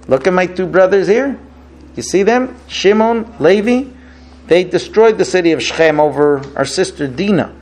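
A man's voice: fairly high pitch, darkish tone, voice pushed down. Yehuda, a man doing a fierce defiant brother.

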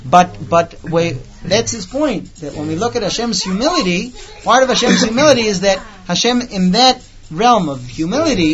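High-voiced man teaching a Torah class. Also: highs cut off. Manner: reads Hebrew text quickly then explains it, tells stories. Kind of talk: casual Torah class with anecdotes. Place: room with a small group of listeners.

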